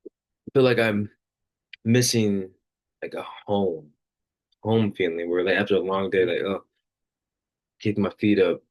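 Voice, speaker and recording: A man's voice: low-pitched, steady tone, a little slow, pauses often. A man hosting a faith podcast, telling a personal story in a casual, rambling way with many fillers, earnest throughout. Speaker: podcast host.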